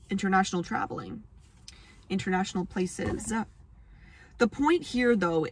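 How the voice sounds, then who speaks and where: Young adult woman, chatty astrology vlogger, mid-pitched, loose and self-deprecating with casual swearing. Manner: rambling, self-mocking, laughs often, swears casually. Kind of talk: casual astrology talk to camera.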